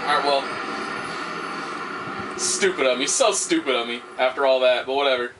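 A man's voice: mid-range voice, moderate pace, noisy background. A young man giving casual gameplay commentary, frustrated and swearing as he rambles. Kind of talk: casual let's-play commentary.

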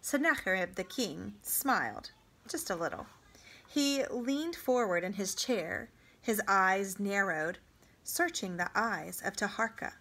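A woman reading a novel aloud for a homeschool class, narrating in an even, measured way. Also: medium pitch.

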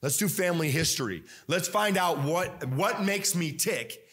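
A man preaching a sermon as pastor. He talks in a conversational, animated way, with many fillers and restarts. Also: a little high, moderate pace, slightly rough.

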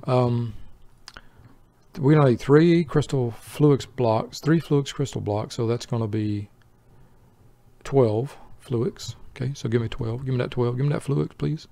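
An older man narrates gameplay slowly and lazily, his voice gravelly and dark. He mutters to himself, drawls and trades quips with an imagined buddy, as if trying to lull listeners to sleep. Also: medium pitch, dry recording. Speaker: let's play host. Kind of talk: slow gameplay commentary for falling asleep.

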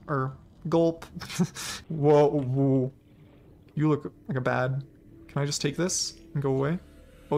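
A young man streams a game live with faint game music in the background, chatting and rambling, and he shrieks and laughs when startled. His mid-range voice is a little mellow, and there's a bit of hiss or hum on the recording.

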